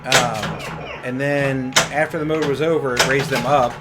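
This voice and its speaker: A man's voice: mid-range voice, fairly even intonation, moderate pace. A man co-hosting a pinball stream, chatting casually and explaining the machine step by step. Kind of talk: casual chat and game explanation. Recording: loud music playing behind the voice. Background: loud background music.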